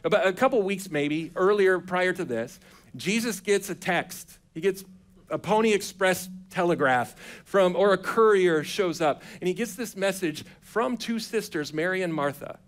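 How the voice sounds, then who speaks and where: A man's voice: high-pitched, normal speed. A man preaching a sermon in a church, retelling scripture in a casual, chatty way and acting out the characters' lines with modern slang. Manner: casual storytelling preacher who acts out quotes in a relaxed, modern voice. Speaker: pastor. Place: church sanctuary.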